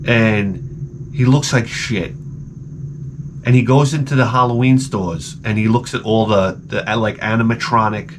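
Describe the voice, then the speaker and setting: A man's voice: on the low side, fairly even intonation, unhurried, background noise. Exasperated man ranting and swearing. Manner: profane, digressive and exasperated; often repeats and restarts words. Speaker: video host. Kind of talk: rambling comedic rant.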